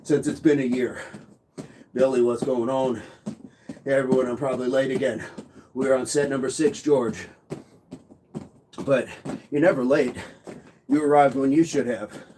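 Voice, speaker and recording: A man hosting a daily live workout stream, counting reps out loud while exercising and chatting with viewers by name. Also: medium pitch, steady tone, measured pace, pauses often, noisy background. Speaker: fitness livestream host. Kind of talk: live workout coaching and chat.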